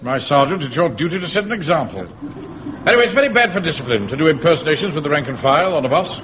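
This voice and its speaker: An actor playing a pompous, prim home guard captain in a radio comedy. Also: male voice, a little high, animated, rapid-fire, lightly acted. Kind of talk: 1960s radio comedy acting. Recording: muffled old radio recording with hiss.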